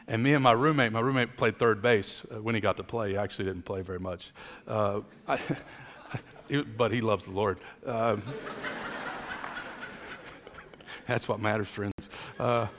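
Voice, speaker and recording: A man's voice: medium pitch, a bit bright, long reverb tail. A man preaching a sermon, moving between casual storytelling with jokes and emphatic preaching. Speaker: pastor.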